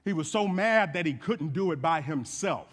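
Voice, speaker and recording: A man's voice: fairly high pitch, normal speed. Man preaching in an echoey hall. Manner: animated storytelling with folksy asides. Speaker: guest speaker. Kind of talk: sermon. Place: church sanctuary.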